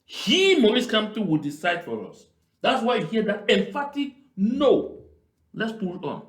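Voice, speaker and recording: A man's voice: high voice, sing-song, a little slow. A man from Southern Cameroons, giving emphatic political commentary on played clips and repeating key phrases. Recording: roomy echo.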